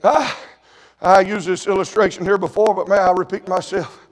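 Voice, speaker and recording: Fiery high-voiced preacher. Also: male voice, fairly even intonation, normal speed. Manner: fiery, chanting preaching with shouted high climaxes. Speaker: evangelist preacher. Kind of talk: sermon. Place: church.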